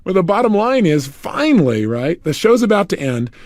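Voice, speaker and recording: A motivational speaker with a high-sitting voice tells a story at a moderate pace in an audio program, acting out the people he quotes with animated delivery. The sound is clean studio quality with no echo.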